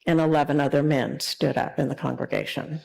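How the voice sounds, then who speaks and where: A woman minister giving a sermon in a conversational, animated storytelling way. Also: low voice, fairly quick, gravelly, rough recording.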